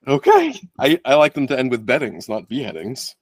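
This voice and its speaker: Brief: male podcast co-host, lively pitch swings, dry close mic, quick wisecracks. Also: dry recording. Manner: wisecracking, laughing, lots of fillers. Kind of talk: casual chat.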